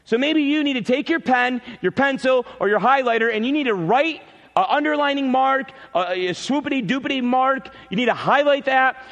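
A male pastor preaching a sermon in a church, emphatic, repeating key phrases and swinging between loud peaks and quiet drops. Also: extremely high pitch, normal speed, in a large hall, highs cut off.

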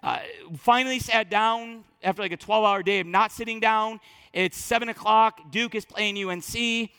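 Middle-aged male pastor, high bright voice, casual storytelling sermon, long church reverb. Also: normal speed, clear, resonant tone. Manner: conversational storytelling, animated quoted voices. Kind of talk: sermon with personal stories. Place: church sanctuary. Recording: long reverb of a large hall.

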